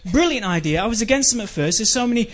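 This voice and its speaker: High-voiced man ranting in exasperation. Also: lively intonation, fast talker, dull audio. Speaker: comedian. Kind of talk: stand-up comedy rant.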